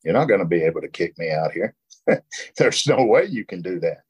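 Middle-aged man, fairly low voice, earnest and plainspoken, reads a text and tells his own story in a recovery group. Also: big pitch swings, normal speed, slightly rough. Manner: earnest, plainspoken, with short laughs. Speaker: workshop leader. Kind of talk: reading aloud and sharing recovery experience.

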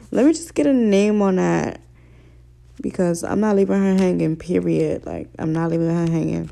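A young woman talking casually and excitedly straight to her viewers, full of slang and swearing. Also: lowish voice, fairly quick, vocal fry. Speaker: vlogger. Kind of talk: casual excited vlog talk.

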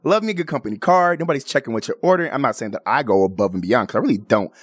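A man, a radio host, chatting animatedly and giving shout-outs to friends and listeners. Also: medium pitch, animated, very fast, breathy edge, no echo, clean studio sound. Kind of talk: casual chat.

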